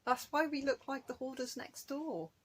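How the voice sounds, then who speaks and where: A woman's voice: high voice, normal speed, husky. Chatty woman rambling to camera. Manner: rambling, chatty, laughs often. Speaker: craft vlogger. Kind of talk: casual chat to camera. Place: at home.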